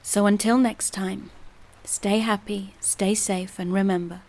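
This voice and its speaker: A woman hosting a channel and calmly narrating scary stories in a steady storytelling voice. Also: medium pitch, unhurried. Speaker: host and narrator of horror stories. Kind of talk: scripted horror story narration.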